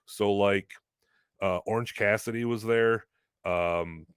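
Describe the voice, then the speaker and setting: Low-voiced man telling a rambling story. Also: takes it slowly, clear, resonant tone, no room sound, studio quality. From Western New York, US. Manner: rambling, heavy use of "like". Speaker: guest, pro wrestler. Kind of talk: casual storytelling chat.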